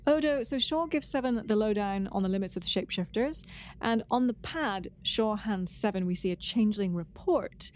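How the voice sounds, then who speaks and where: A woman co-hosting a podcast, chatting casually and enthusiastically with lively asides. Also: mid-range voice, moderate pace, slight background noise. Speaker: podcast co-host.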